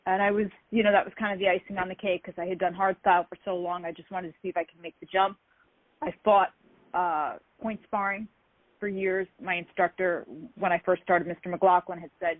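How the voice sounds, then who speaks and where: A woman guest in an interview telling lively stories from her career, acting out the dialogue of people she quotes. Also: lowish voice, brisk, dry recording. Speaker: interview guest, martial artist. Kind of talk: casual storytelling interview. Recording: tinny phone-like dry sound.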